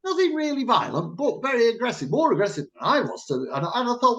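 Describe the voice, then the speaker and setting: Animated Mancunian man telling a story. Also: high voice, a little fast, hardly any pauses. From Manchester, England. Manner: animated storytelling, loud and blunt. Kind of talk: casual chat.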